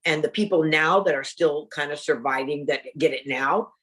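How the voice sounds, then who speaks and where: A woman's voice: low-pitched, moderate pace, fairly bright tone. A middle-aged woman, an interview guest, candidly telling a personal story and acting out the dialogue.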